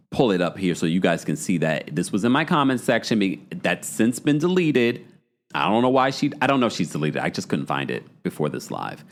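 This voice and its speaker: A man hosting a live show, chatting casually and reading viewer comments aloud with sassy asides. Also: medium pitch. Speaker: podcast host recapping a reality show.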